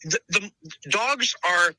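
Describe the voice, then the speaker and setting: A man speaks in a casual interview with a forceful, tense edge to his fairly high voice. He stresses points by repeating them and keeps calling the listener brother. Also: animated, takes it slowly, no room sound, poor audio. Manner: emphatic, repeats himself, calls listener brother. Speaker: podcast host interviewed as dog trainer.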